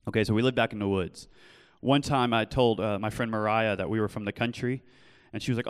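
A young man preaching earnestly in a church, telling his own story and then pleading gently with listeners. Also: on the low side, fairly even intonation, a little fast, few pauses, clean tone, big-room sound. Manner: earnest, shifts from loud storytelling to soft pleading. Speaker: pastor. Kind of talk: sermon with personal testimony. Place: church hall.

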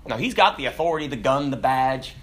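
A man preaching a sermon in an animated way, swinging from loud exclamations to hushed asides. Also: medium pitch, brisk.

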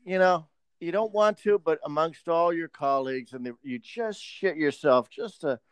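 A man's voice: on the high side, moderate pace, clear, resonant tone, dry recording. A man co-hosting a podcast, telling a profane work story in casual chat.

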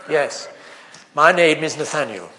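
A man preaches in a chatty, storytelling way, dropping in wry jokes at his own expense. His voice sits high for a man and swings widely in pitch as he talks. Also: expressive, unhurried, heavy background noise. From England. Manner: chatty, anecdotal, self-deprecating humour. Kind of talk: sermon.

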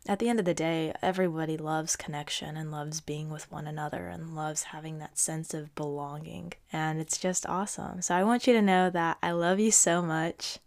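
A young woman hosting a reflective faith-based podcast, speaking earnestly and encouragingly. Her voice sits a little low for a woman and sounds slightly stuffy. She often sinks into a soft near whisper. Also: steady tone, moderate pace, hardly any pauses. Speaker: podcast host.

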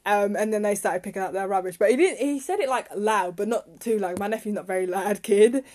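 Medium-pitched and a little mellow, a young woman's fairly quick voice carries her solo podcast, which she hosts in a casual style. Her talk meanders in a chatty way, heating up when she starts ranting.

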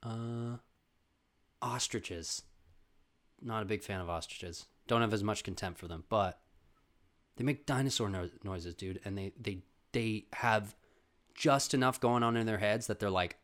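A young man telling a comedic story, animated and swearing, calling listeners bro and dude. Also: on the low side, a little slow.

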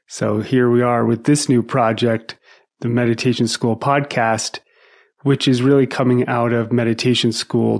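A man hosting a meditation podcast, talking in a relaxed, easygoing way and laughing at his own stories. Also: medium pitch. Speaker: meditation teacher and podcast host. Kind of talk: relaxed podcast monologue with storytelling.

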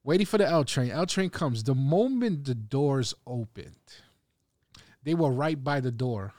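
Animated New man telling a story. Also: mid-range voice, measured pace, no echo, clean studio sound. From New York. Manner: animated storyteller, swears freely. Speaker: podcast co-host. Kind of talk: casual chat, storytelling.

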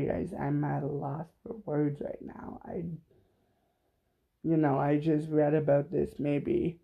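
A man hosting a podcast alone, speaking slowly and haltingly with lots of pauses and fillers. His voice has a gravelly edge and sounds close to tears. The recording is a bit dull and lo-fi. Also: fairly high pitch. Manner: halting, many fillers, emotional and apologetic. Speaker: podcast host. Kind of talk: unplanned solo podcast talk.

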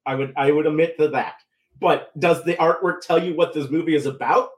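A man's voice: fairly high pitch, steady tone, fairly quick. A man co-hosting a podcast, musing aloud in casual chat with a loose, hesitant delivery. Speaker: podcast co-host. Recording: roomy echo.

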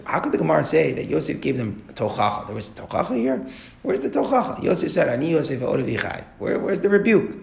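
A man teaching a Talmud class at a brisk, rapid clip, his voice full of gravelly fry. He works through the text line by line and keeps posing rhetorical questions. The recording carries a noticeable room echo. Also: mid-range voice. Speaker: Torah teacher. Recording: echoey room.

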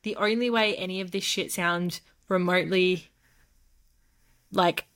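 A woman co-hosting a book and film podcast, chatting casually and acting out quotes with lively shifts of voice. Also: fairly low pitch, measured pace. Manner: animated, acts out quotes in voices. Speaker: podcast co-host. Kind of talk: casual chat.

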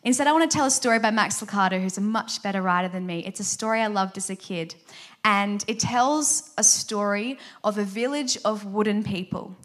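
A woman's voice: medium pitch, brisk. Earnest woman giving a devotional talk. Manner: earnest and gentle, confessional.

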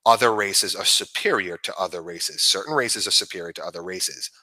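This is a man venting on a vlog, in a low voice with a hard, sharp edge. He swears freely and stumbles into restarts as he hammers his points home. The sound is dry and close, with no room around it. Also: a little fast, dry recording, rough recording. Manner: profane, heated and repetitive, with frequent restarts. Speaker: vlogger. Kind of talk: ranting commentary.

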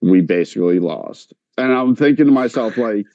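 A man's voice: fairly low pitch, moderate pace, no room sound, muffled recording. A man on a podcast telling a long story in casual chat, full of filler likes and quoting others as he goes. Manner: animated, many filler likes, quotes others in voices.

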